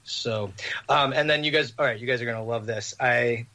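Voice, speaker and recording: A man on a podcast, telling a rambling, animated story with laughs. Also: medium pitch, normal speed. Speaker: podcast host. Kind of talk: casual storytelling.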